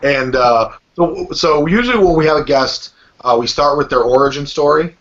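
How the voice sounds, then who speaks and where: A man hosting a podcast with dry, self-mocking humor, speaking haltingly with many fillers. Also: a little high. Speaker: podcast host. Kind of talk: casual podcast chat. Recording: dull lo-fi remote call audio.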